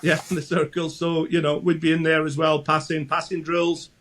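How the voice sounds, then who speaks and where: Brief: Scottish man in his sixties, interview guest spinning chatty stories, restarts often, slightly high voice. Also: flat delivery, moderate pace, a bit bright. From Scotland. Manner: chatty anecdotal storyteller, frequent restarts. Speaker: guest, former goalkeeper. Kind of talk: casual interview chat.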